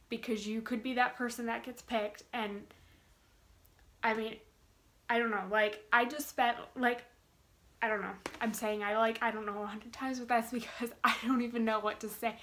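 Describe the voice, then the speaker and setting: Young woman, twenties, bubbly casual vlogger, bright tone, giddy and rambling. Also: fairly high pitch. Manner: bubbly, gushing, many fillers. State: giddy with excitement. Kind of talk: casual chat to camera.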